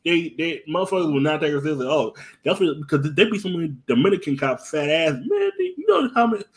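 A man's voice: fairly high pitch, big pitch swings, fast talker. A man, hosting a podcast in casual chat, telling profane, repetitive stories. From US East Coast. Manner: profane, repetitive storytelling with acted-out quotes. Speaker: podcast host.

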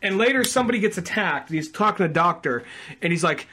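A man co-hosting a podcast, chatting casually, swearing and acting out quick movie quotes. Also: high-pitched, lively intonation, bright, forceful tone. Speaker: podcast co-host.

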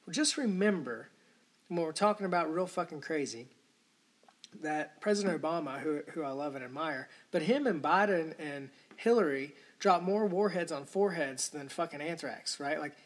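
A podcast host with a fairly high voice speaks at a moderate pace. He delivers a rambling, indignant solo rant packed with profanity.

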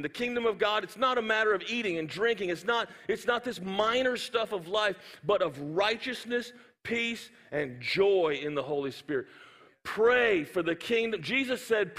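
Animated preacher in a hall. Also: male voice, sits high. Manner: animated storytelling with sound effects. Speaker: pastor. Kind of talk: sermon. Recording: hall reverb.

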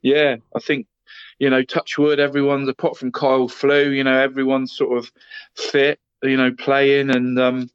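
A man's voice: mid-range voice, completely flat delivery, normal speed, smooth, no echo. A man, co-hosting a casual football podcast and rambling along, calling his friend "mate" in nearly every sentence. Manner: rambling, says "mate" constantly, laughs often. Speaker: podcast co-host. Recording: dull, dry sound.

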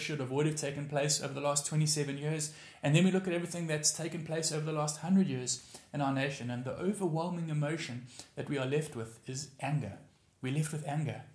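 Emphatic pastor in a roomy hall. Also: male voice, on the high side. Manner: emphatic, repeats key phrases for weight. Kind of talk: sermon.

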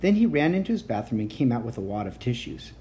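Woman reading a kids chapter book, really low voice, lots of lilt. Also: fast talker, slight background noise. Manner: expressive, animated storytelling. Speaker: reader.

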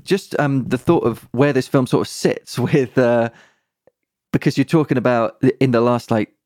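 A man's voice: mid-range voice, normal speed, a little mellow, no room sound, clean studio sound. A man co-hosting a podcast, chatting enthusiastically. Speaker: podcast co-host. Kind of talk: casual chat.

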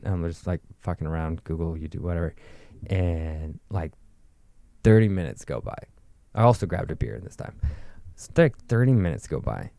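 Young man, very low voice, mellow dark tone, dry close sound, casual swearing storyteller. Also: creaky, dry recording. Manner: profane, rambling, with frequent likes.

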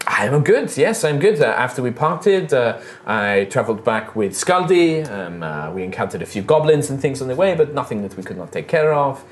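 Guy doing a french-accented orc lady first mate, polite and proper, lively pitch. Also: normal speed, few pauses, natural voice. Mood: formal. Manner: formal, respectful, slightly hesitant.

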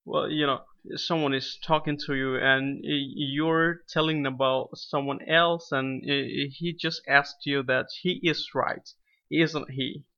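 A man teaching English questions in an online lesson, explaining slowly and repeating each example phrase. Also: mid-range voice, steady tone, bright, forceful tone, smooth, highs cut off.

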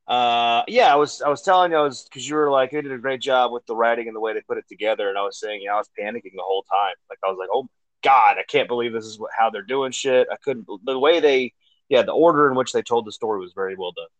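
Profane, animated man in his thirties. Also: medium pitch, fast, no echo, poor audio. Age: 30s. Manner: profane, animated retelling with acted-out quotes. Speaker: podcast co-host. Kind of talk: casual chat.

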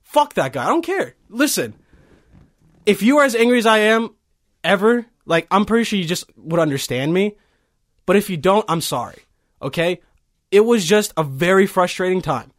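A man's voice: high voice, lively intonation, normal speed. A man in his early twenties, from Bosnia, telling a heated, profane story in casual chat. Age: early 20s.

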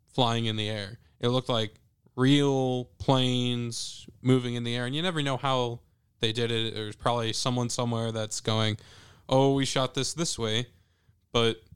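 A man in a casual movie discussion, talking in a thoughtful, measured way. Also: medium pitch, fairly bright tone, clear, resonant tone, dry recording, studio quality.

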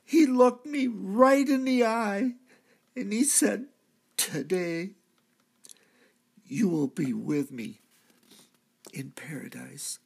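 A man's voice: high-pitched, takes it slowly, creaky, pauses often, slightly rough, exaggerated voice. A man playing a repentant thief from the crucifixion, telling his story earnestly in a church drama monologue. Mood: moved. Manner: earnest storytelling, swelling to cries at key moments. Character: repentant male thief, crucified, now redeemed.

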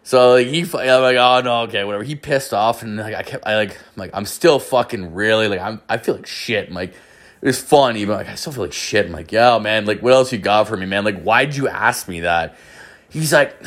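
A young man hosts a podcast, telling a story in a loose, rambling monologue full of swearing and filler words, acting out others' lines in a raised voice. His pitch is fairly low, a bit bright, and a little fast.

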